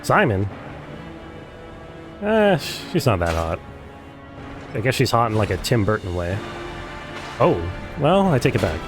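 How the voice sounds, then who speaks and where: A man's voice: lowish voice, very animated, measured pace, pauses often. A man streaming a game, chatting casually with viewers, sarcastic and swearing freely. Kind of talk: casual live game commentary. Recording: game music playing behind the voice.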